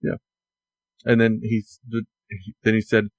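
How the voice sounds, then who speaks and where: A man co-hosting a casual podcast, chatting and relaying news with halting restarts. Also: on the low side, monotone, no room sound. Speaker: podcast co-host.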